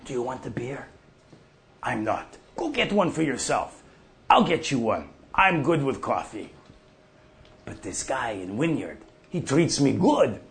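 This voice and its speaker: A man playing a gravelly old farmer. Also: medium pitch, sing-song, measured pace. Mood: rambling. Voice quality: gravelly, folksy and profane. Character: older male prairie farmer off the drink, gruff storyteller. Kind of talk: monologue.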